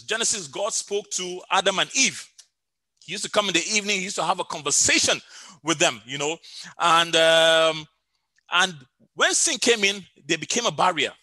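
A man's voice: high voice, bright, forceful tone, no echo. A middle-aged man preaching a sermon over an online call, telling a story with many fillers and repeated phrases.

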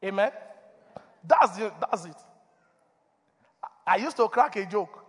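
A man preaching a sermon as a pastor, animated, asking for responses from the congregation and laughing between points. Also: high voice, slow, breathy edge. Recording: long reverb of a church hall.

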